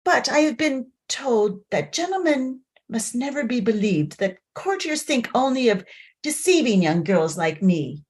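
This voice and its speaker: A woman's voice: a little high, big pitch swings, a little slow, darkish tone. A woman reading the part of a naive, trusting young peasant girl who speaks in rustic, broken grammar in a play reading over a video call. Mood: shy. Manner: rustic ungrammatical speech, hesitant.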